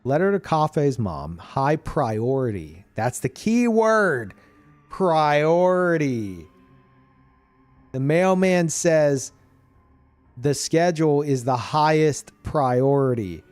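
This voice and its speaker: A man streamer chatting casually about a video game, animated and profane, laughing often. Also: mid-range voice, takes it slowly, faint music behind.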